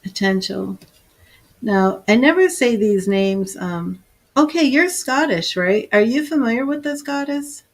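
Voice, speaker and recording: A woman giving a live tarot reading, slowly invoking goddesses and reading card meanings aloud in a soothing way. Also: fairly high pitch, lively intonation. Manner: slow, soothing, invoking spirits. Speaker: tarot reader.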